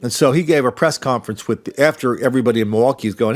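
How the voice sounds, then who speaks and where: A man's voice: mid-range voice, very fast, faint music behind. An older man hosting a podcast, delivering a sarcastic commentary monologue and slipping into mocking impressions. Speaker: podcast host.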